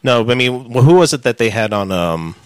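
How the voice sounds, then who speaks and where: A man co-hosting a casual podcast, talking in halting bursts as he searches for words. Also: mid-range voice, animated, smooth, no room sound. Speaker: podcast co-host. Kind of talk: casual chat.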